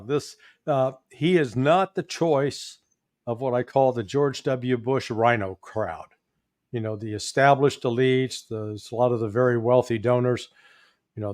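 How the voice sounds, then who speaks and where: A man with a Midwestern accent giving political commentary as an interview guest, folksy and animated, chuckling often. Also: mid-range voice, unhurried, dry recording, clean studio sound. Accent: Midwestern American. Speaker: guest, former intelligence analyst.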